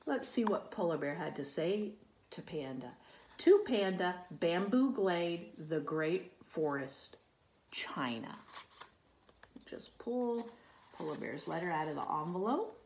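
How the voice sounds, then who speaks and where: Slow, gentle woman reading a picture book. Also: lowish voice, expressive, slight background noise. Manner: gentle, explains and asks the listener questions. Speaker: storybook reader.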